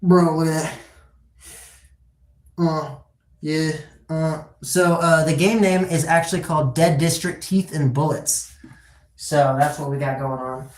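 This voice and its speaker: Woman, deep for her range, rambling casual stream talk, casual swearing, roomy echo. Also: steady tone, unhurried, pauses often, darkish tone. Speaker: livestreamer. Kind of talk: casual livestream chat. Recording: echoey room.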